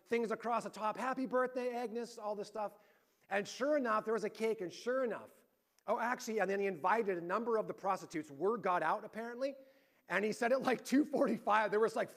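A man with a notably high voice delivers a sermon. He tells a long story in a loose, conversational way and acts out the lines of the people in it. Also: gravelly. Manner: conversational, animated retelling with quoted voices. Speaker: pastor.

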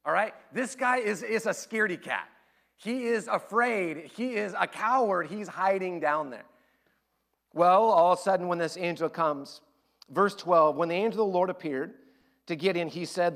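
A man preaching a sermon, telling stories in an animated way and acting out the voices he quotes. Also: sits high, moderate pace. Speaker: pastor.

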